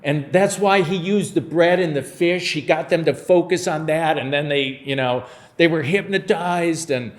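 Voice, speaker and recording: A man preaching a sermon, his voice sitting a little higher than most men's. He talks the congregation through a Bible passage like a conversation. He slips into playful, humorous retellings of the scenes. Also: normal speed. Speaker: pastor.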